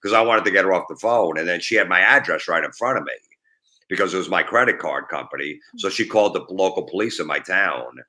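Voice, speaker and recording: A middle-aged comedian tells prank call stories in a very deep voice with a bright, forceful edge. He rattles through them at speed and acts out both sides of each call. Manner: fast, animated storytelling, acting out both sides of phone calls. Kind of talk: casual storytelling on a podcast.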